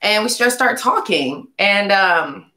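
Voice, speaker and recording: A young woman telling a casual storytime vlog, animated and slangy, acting out the voices of people in her story. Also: medium pitch, slow pace. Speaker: singer vlogging a story. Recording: echoey room.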